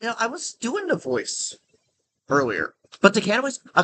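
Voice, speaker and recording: Rambling male gamer, talks in restarts and fillers, slightly high voice. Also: wildly swooping pitch, moderate pace, sharp tone, slight background noise. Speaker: game streamer. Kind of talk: casual commentary while playing.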